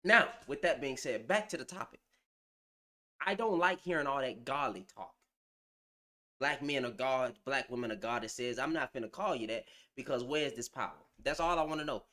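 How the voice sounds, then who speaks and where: A man's voice: mid-range voice, moderate pace, pushed and bright. A man ranting to camera in blunt, slang-heavy commentary, calling people out. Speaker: vlogger.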